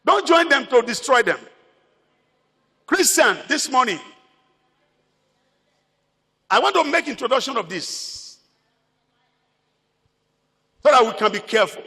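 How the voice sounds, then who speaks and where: A man's voice: very high-pitched, very animated, normal speed, long pauses, pushed and bright, big-room sound. A Nigerian man preaching a sermon as pastor, emphatic, repeating his phrases.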